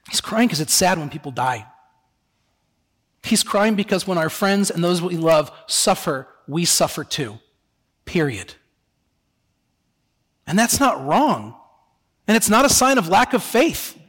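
A male pastor preaches in a high, expressive, slightly rough voice that echoes with long reverb through the church sanctuary. He goes soft and slow on solemn words and lifts his voice on rhetorical questions to the congregation.

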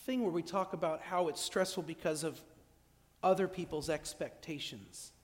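A man with a high voice preaches a casual, humorous sermon, often restarting his sentences as he goes. He speaks in a church, and his voice rings out with a long reverb. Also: normal speed. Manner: humorous, animated, with frequent restarts. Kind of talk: conversational sermon. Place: church during an evening service.

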